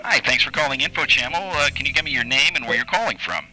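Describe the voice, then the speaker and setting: A man's voice: mid-range voice, expressive, quick pace, music in the background, rough recording. A man screening calls on a comic call-in show, upbeat, repeating each caller's question back.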